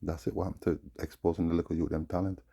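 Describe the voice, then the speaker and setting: Gravelly dark-voiced man with a lilt. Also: low-pitched, level tone, fast. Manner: rambling, indignant, swears and mutters asides. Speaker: vlogger. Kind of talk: ranting monologue.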